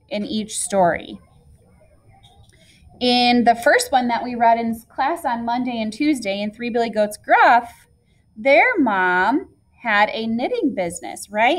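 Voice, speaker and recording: A woman teacher reads a storybook aloud to her class and talks it through with them afterwards. Her voice sits a little high, and her reading is clear and expressive. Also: rough recording.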